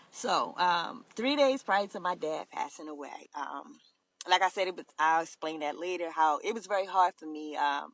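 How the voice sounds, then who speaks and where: A woman telling her own story to camera, earnest and halting, with many fillers and restarts. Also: fairly low pitch, fairly bright tone, dry recording. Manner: earnest, emotional confiding. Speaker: vlogger.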